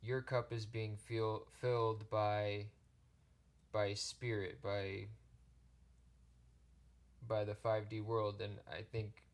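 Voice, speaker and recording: Man, tarot reader; slow, even delivery, low and flat, halting gentle phrasing. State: choked up, near tears. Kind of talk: pick-a-card tarot reading.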